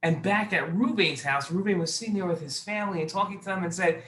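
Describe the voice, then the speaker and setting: A man telling a story to children, lively and expressive, speaking directly to his young listeners. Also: fairly high pitch, fast, few pauses, poor audio. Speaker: rabbi storyteller.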